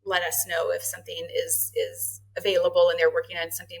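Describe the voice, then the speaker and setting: A middle-aged woman, a guest on a podcast, telling her story in a casual interview, lively and quick to laugh, acting out the dialogue she quotes. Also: lowish voice, gravelly, poor audio. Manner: animated, acts out quoted dialogue, laughs often. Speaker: marketing and HR head, podcast guest.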